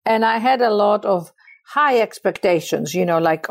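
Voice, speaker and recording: A woman's voice: medium pitch, moderate pace. A middle-aged woman from Greece with a Greek accent, telling stories passionately in an interview. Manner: passionate, expressive storyteller. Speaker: guest. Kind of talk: storytelling in conversation.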